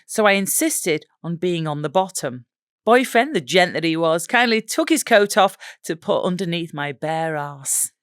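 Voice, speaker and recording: A woman co-hosting a podcast, reading listener stories aloud in a giggly, lively way, with an English accent. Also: fairly low pitch, normal speed, no echo, studio quality. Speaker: podcast co-host.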